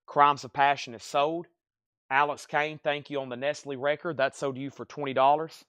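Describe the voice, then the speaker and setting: A man running a live-stream record sale, calling prices and bidders in brisk bursts with chatty asides. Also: on the high side, little pitch movement, a bit bright, clear, resonant tone, no echo. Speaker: live auction seller.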